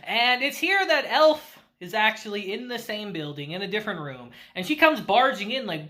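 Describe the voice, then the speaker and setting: A woman casually recapping an anime episode, laughing often and acting out the characters. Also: mid-range voice. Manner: laughs often while retelling; animated, acts out characters in quick asides. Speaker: anime reviewer.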